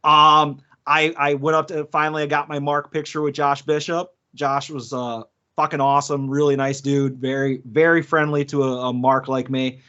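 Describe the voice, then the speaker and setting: A podcast co-host with a slightly high voice speaks at normal speed with hardly any pauses, casually chatting and telling stories. He's an animated storyteller who acts out quotes and laughs often, captured in dull lo-fi podcast audio.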